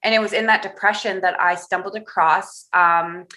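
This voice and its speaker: A woman talks as a podcast guest, her tone bright and forceful. She tells her story candidly and with energy, and she laughs her way through the rough parts. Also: medium pitch, normal speed. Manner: candid, animated storyteller who laughs through hard memories.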